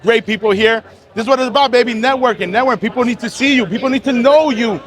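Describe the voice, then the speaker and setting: A high-voiced man talks rapidly as he works a convention hall floor, with loud, playful, hustling banter. He is an HVAC contractor and vlogger, picked up on a handheld camera. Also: a crowd in the background. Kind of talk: casual vlog chat while networking.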